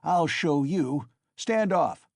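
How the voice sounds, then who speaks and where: A man's voice: a little high, expressive, takes it slowly, no echo, studio quality, voice pushed up. A man voicing a drunk, brutal peasant who screams ferociously at his horse. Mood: furious shouting.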